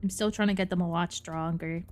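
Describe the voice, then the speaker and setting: A woman's voice: lowish voice, steady tone, fairly quick. A young woman from New Jersey with a New Jersey accent, chatting casually on a live stream, reading chat aloud, playful and giggly, swearing freely. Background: faint background music.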